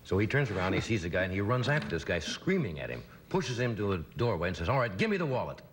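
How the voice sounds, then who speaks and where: Deep-voiced talk show host. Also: male voice, quick pace, slight background noise. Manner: relaxed, meandering storytelling with restarts. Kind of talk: casual chat. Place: television studio.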